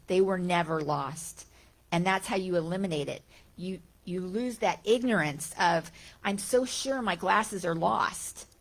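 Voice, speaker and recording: Slow, gravelly-voiced woman teaching spirituality. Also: medium pitch, a bit bright. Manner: conversational, rhetorical questions. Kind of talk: reflective spiritual talk.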